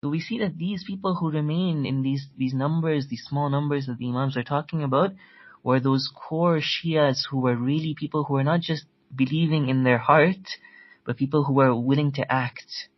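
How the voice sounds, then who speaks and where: A man's voice: fairly high pitch, normal speed, highs cut off. A man giving an earnest religious history lecture, telling stories and reciting Arabic passages before translating them, often repeating words as he restarts phrases.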